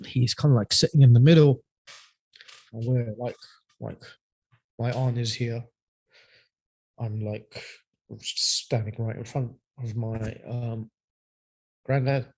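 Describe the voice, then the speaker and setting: A man with a mid-range voice and a steady tone tells a personal story as a podcast guest, with no echo in the recording. He speaks haltingly and hesitantly, often trailing off quietly.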